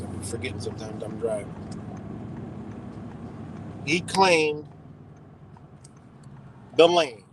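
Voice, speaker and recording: A man's voice: on the high side, a bit bright, a little hiss or hum. A man, ranting profanely and rambling through a casual livestream while he drives his car. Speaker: livestream host.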